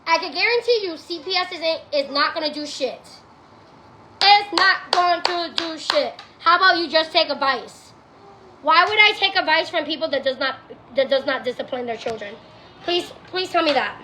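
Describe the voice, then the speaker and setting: Her voice very high and her pace moderate, an adult woman on a casual TikTok livestream from home rants bluntly and with profanity while talking back to viewers. The room echoes and there is background noise.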